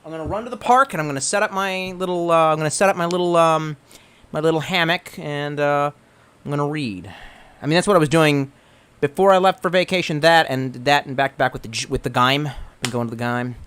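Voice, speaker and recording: A man chatting casually on a livestream, reading chat aloud, rambling and swearing, stammering through restarts and swinging between excited and gloomy. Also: on the high side, fairly quick, clean tone.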